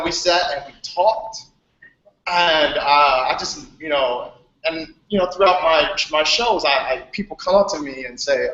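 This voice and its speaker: A young man, a Playfair presenter, telling stories in a casual chat on a group video call, animated and laughing. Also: on the high side. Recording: echoey, dull video call audio.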